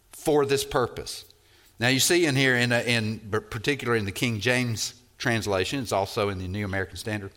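A man's voice: lowish voice, fairly bright tone. A man preaching an expository sermon, repeating key phrases and leaning hard on single words for emphasis.

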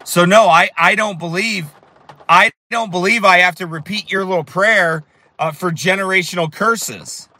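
A fiery man preaching in a high, bright voice that cuts through. He tells his story with strong emphasis and builds to shouts. His tone stays sharp and forceful. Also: moderate pace. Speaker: street preacher. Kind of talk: preaching while telling a story.

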